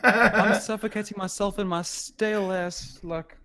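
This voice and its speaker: A man co-hosts a podcast with teasing, jokey banter. His voice sits high and light as he ribs his friends in casual chat. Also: fairly even intonation, measured pace, sharp tone. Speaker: podcast co-host.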